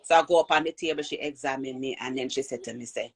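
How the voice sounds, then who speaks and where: A woman with a Jamaican accent telling a personal birth story in an animated way, acting out the voices of people she quotes. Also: extremely low pitch, fast, few pauses. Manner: animated, acts out quoted voices, repeats and restarts.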